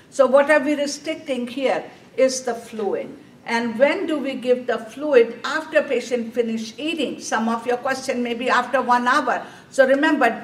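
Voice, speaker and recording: A woman teaching a nursing exam class, asking questions and answering them herself. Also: high voice. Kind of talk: classroom lecture. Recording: echoey classroom from a distance, faint room noise.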